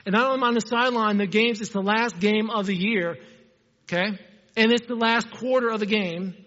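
A man's voice: high voice, fairly even intonation, brisk, pushed and bright. A man preaching a sermon in a conversational way, often putting questions to the congregation in a church. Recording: dull audio with long hall reverb.

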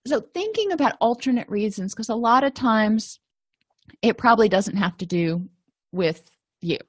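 A woman's voice: fairly high pitch, expressive, moderate pace, no echo. A woman, a counselor, teaching a conversational lesson on empathy in relationships and acting out little quoted exchanges. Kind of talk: informal lecture on empathy.

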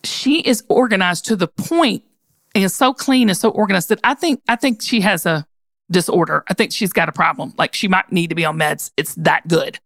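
A woman with a Southern accent hosting a podcast, chatting in a gushing, animated and folksy way. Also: lowish voice, moderate pace, no room sound, clean studio sound. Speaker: podcast host. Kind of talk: casual chat.

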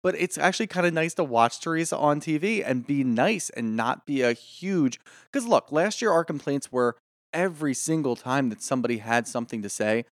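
A man co-hosting a casual podcast chat, opinionated and animated, swearing freely. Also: fairly high pitch, brisk, no echo, clean studio sound. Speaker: podcast co-host.

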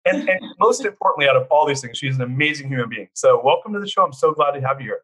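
A man hosting a podcast, energetic and enthusiastic, full of exclamations. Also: fairly high pitch. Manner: hyped, enthusiastic, rapid exclamations. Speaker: podcast host.

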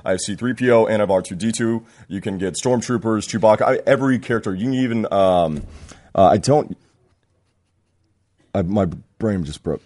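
A man's voice: lowish voice, fairly quick, darkish tone. A man co-hosting a podcast in casual chat, rambling and laughing, fumbling his words. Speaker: podcast co-host. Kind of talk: casual chat with a read sponsor plug.

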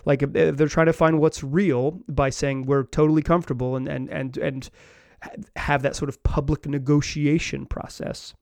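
A man's voice: a little high, level tone, moderate pace, gravelly, few pauses, darkish tone, dry recording, clean studio sound. A man hosting a sports podcast, talking loosely with many restarts and fillers. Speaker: podcast host. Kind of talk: casual sports commentary.

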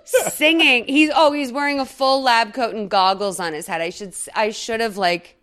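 Chatty, animated woman podcast co-host. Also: a little high, moderate pace. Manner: chatty, animated storytelling full of 'like' fillers; laughs often mid-sentence. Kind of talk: casual chat recapping a movie.

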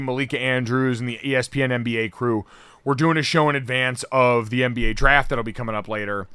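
A man co-hosting a sports podcast in casual talk, animated and sarcastic, now and then jumping to loud mock outrage. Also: mid-range voice, clear, resonant tone, dry recording.

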